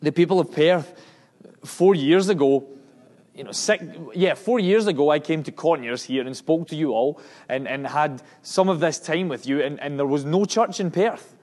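A Scottish man preaches to a congregation, his voice sitting a little high for a man. He talks earnestly and with emphasis, often restarting his words as he reports on his mission work. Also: normal speed, darkish tone.

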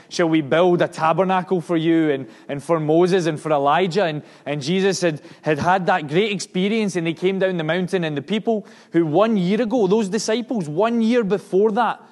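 A man's voice: fairly high pitch, darkish tone. Earnest Scottish man preaching. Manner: earnest, often restarts words, emphatic rises. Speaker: missionary preacher. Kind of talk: sermon and mission report to a congregation.

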